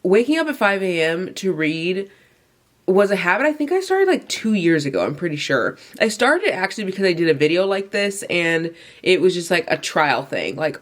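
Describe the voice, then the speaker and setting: A young woman who vlogs about books talks from her bed early in the morning, lying down, sleepy, yawning and sniffling with a runny nose. Her voice sits on the low side with a sing-song lilt at normal speed, and her chatty talk is packed with "like"s, fillers and restarts.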